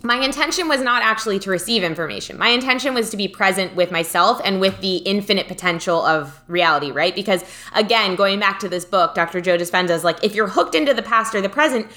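A young woman co-hosting a relaxed conversation, with a bright, forward tone. She tells stories animatedly, full of fillers and self-corrections. Now and then a casual swear slips in. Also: mid-range voice, quick pace, hardly any pauses.

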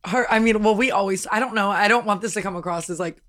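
A young adult woman co-hosts a laid-back podcast, swearing freely and breaking into giggles between stories. She talks loosely and acts out what her friends said in quick little bits. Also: mid-range voice, a bit bright. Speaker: podcast co-host. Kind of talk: casual chat.

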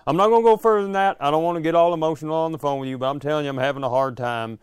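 A man's voice: on the high side, very fast, smooth, no echo, clean studio sound, natural voice. A man on a comedy podcast voicing an unraveling hillbilly man in a put-on Southern rural accent, twangy and theatrical. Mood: pleading folksy. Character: unraveling hillbilly man, pleading then menacing.

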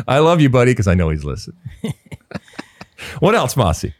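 A middle-aged man hosts a sports podcast in a casual, opinionated way, pushing his points with emphasis. His pitch swings widely as he argues, and the sound is dry and close. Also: huge pitch swings, normal speed, dry recording. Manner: emphatic, opinionated, with many fillers. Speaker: podcast host.

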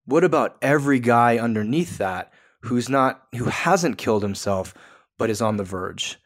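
A man's voice: medium pitch, animated, moderate pace. A man, a podcast guest, talking earnestly and emphatically in a coaching tone. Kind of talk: podcast interview.

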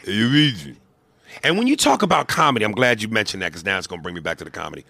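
Brief: profane podcast co-host, gravelly, bright and forceful, dry close sound. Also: male voice, fairly low pitch, very fast, dry recording. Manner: animated, profane, acts out scenes. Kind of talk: casual chat.

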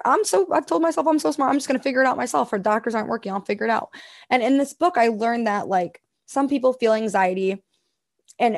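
Young woman guest, bubbly and chatty, peppered with "like". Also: mid-range voice. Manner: bubbly, fast, lots of "like". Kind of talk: casual interview chat.

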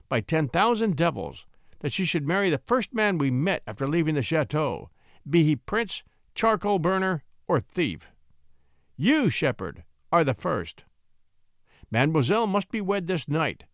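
A man's voice: a little high, big pitch swings, measured pace, fairly bright tone, no room sound, clean studio sound, heavily acted. A man reading the part of a domineering aristocratic older uncle who gives curt, commanding orders. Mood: imperious.

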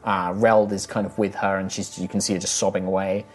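Halting male game master narrating. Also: low voice, flat delivery, soft background music. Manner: loose, halting narration with many fillers.

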